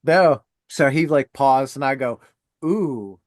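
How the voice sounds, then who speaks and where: A man's voice: medium pitch, steady tone, measured pace, no room sound, studio quality. A middle-aged man hosting a podcast, telling a funny story in casual chat, swearing freely and acting out the voices of people he quotes. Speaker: podcast host.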